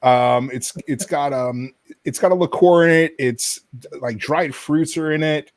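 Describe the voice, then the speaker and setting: A man's voice: on the high side, dry recording, low-quality recording. Chatty man, dry close sound. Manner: chatty, halting restarts. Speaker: co-host. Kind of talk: casual chat.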